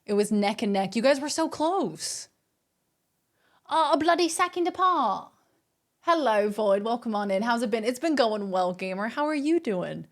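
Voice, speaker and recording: A woman's voice: mid-range voice, animated, normal speed, few pauses. A woman with an Australian accent, streaming and chatting playfully with her audience. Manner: playful, chatty, addresses chat as gamers. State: a little out of breath. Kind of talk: casual live-stream chat.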